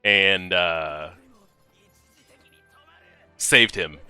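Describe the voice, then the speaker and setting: Excitable man reacting to anime, bright-toned. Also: low voice, very slow, smooth, faint music behind. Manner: excitable, swears, talks back at the screen. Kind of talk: casual reaction commentary.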